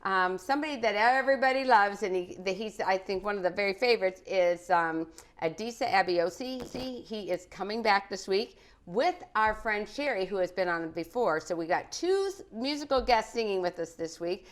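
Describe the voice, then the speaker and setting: A woman's voice: medium pitch, lively intonation, normal speed. A middle-aged woman hosting a live home cooking program, chatting cheerfully with children and viewers. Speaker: cooking show host. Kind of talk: live casual cooking chat with kids. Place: living room at home.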